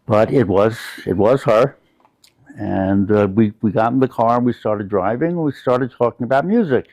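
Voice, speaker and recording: A man's voice: mid-range voice, normal speed, darkish tone, dry recording, rough recording. An older man from the United States, a guest in an interview, telling personal stories in a reflective, anecdotal way.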